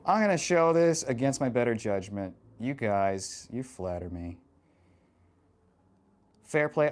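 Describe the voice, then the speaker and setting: A man live-streaming in casual chat, answering viewers in a rambling, profane way full of fillers, and getting animated when he rants. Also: medium pitch. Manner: animated and passionate when ranting.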